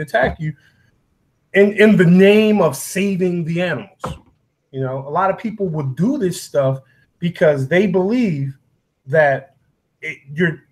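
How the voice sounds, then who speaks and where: Animated man with a high voice. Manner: animated, emphatic storytelling. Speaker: guest. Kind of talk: casual chat.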